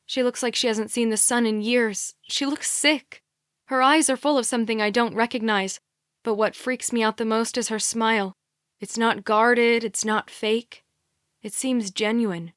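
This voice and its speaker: A woman's voice: a little high, fairly even intonation, measured pace, a bit bright, clear, resonant tone, no room sound. A woman reading a young adult thriller in the first person, tense and earnest, on a close studio mic. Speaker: audiobook narrator. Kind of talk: scripted first-person narration.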